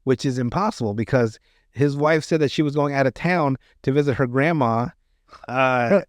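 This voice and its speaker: A man's voice: mid-range voice, moderate pace, no room sound. A man hosting a podcast, telling sketch stories in a rambling, profane, chuckling way. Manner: rambling, profane, laughing storyteller. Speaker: podcast host. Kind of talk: casual chat, recapping comedy sketches.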